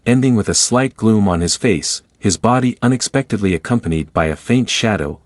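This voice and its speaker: A man narrates a fantasy comic recap as scripted storytelling, in a steady read. His voice sits somewhat low and is recorded dry and close. The pacing is brisk and even. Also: no room sound.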